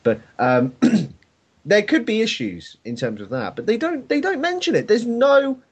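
A man's voice: sits high, huge pitch swings, a little slow, slightly rough. A man with a Birmingham accent chatting casually and swearing, joking in mock voices. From England. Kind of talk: casual chat.

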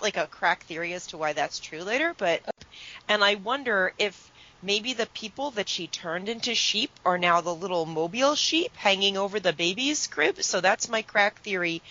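A woman's voice: mid-range voice, pushed and bright. A woman in a casual chat, rambling and hedging as she spins playful theories. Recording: dull lo-fi sound.

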